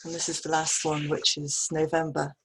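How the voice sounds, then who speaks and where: A woman poet giving a measured, deliberate reading of her fragmented verse over a video call from home. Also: low-pitched, monotone, a little hiss or hum, poor audio. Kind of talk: poetry reading.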